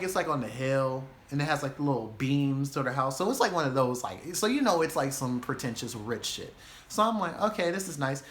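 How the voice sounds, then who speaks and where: Animated, profane young man telling a story. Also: fairly high pitch. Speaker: vlogger. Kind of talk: storytime vlog.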